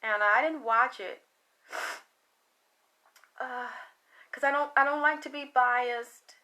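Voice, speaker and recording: Emotional, rambling woman with a bright voice. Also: high voice, slow. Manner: emotional, rambling, trailing off into sighs. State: tired from late night. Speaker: psychic reader. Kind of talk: livestream talk with viewers.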